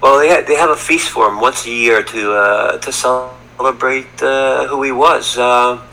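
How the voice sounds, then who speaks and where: A man's voice: mid-range voice, steady tone, a little slow, pushed and bright, rough recording. A middle-aged man telling a story as a podcast guest, rambling and repeating words, from Canada. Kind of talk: casual storytelling. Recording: faint background ambience.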